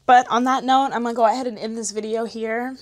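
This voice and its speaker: A woman's voice: fairly high pitch, steady tone, fast. A young woman chatting candidly to camera, slangy, emotional and encouraging. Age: young adult. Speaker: vlogger. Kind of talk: casual chat to camera.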